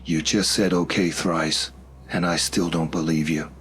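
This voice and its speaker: A man's voice: low-pitched, fairly even intonation, measured pace, a bit bright, slight background noise. A man voicing a shaken young woman who speaks in a shaky, urgent voice. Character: young woman, shaken, desperate, sharp-tongued.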